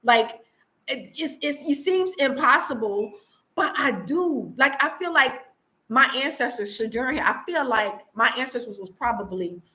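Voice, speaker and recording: A high-pitched, pushed, bright voice, animated but a little slow, comes through a rough recording. It belongs to a US-born vlogger chatting earnestly on a live stream from her home in Tanzania, replying to the chat with many restarts and repeats.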